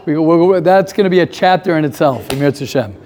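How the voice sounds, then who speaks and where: High-voiced man teaching with rhetorical questions. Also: fast. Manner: animated, fires rhetorical questions, repeats points. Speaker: teacher of a class. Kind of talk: casual lively classroom talk.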